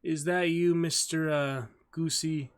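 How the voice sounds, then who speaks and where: A male streamer who greets his chat in an upbeat way and reads a story aloud in a steady narrating voice. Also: a little high, slow.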